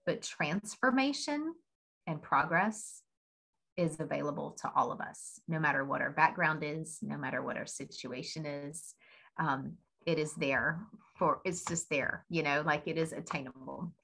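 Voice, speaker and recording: A woman's voice: deep voice, a little slow, vocal fry, fairly bright tone, husky, poor audio. A woman speaking on a team video call, telling a story in a chatty way and laughing often. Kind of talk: casual motivational talk.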